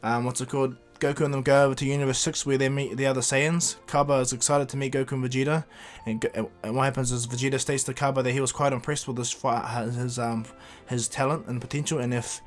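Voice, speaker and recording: A man's voice: medium pitch, steady tone, fast talker, few pauses, faint music behind. A man casually retelling a cartoon story in a rambling way, full of fillers and restarts.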